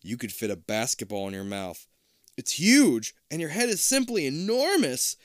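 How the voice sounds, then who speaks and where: A man reading a storybook aloud in a casual, animated way, tossing in jokey asides. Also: medium pitch, normal speed, no echo, studio quality. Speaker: reader.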